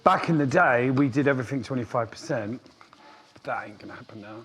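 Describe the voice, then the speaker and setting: A man's voice: mid-range voice, quick pace. A man and band frontman chatting casually in a recording studio, camp and sardonic, full of dry wisecracks.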